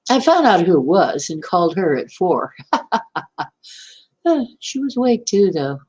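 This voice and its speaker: Slow, husky-voiced woman telling a story. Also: fairly low pitch, very animated, a little mellow. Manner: rambling, self-correcting, laughs often. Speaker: channel host. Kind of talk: casual storytelling to camera.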